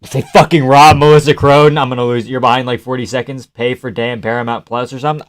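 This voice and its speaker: A man hosting a live fight reaction stream, chatting casually with viewers, reading chat and cursing as he yells at the action. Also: medium pitch, flat delivery, quick pace, hardly any pauses. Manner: swears freely, yells at the fight; reads and answers chat. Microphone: desk mic, gain adjusted live.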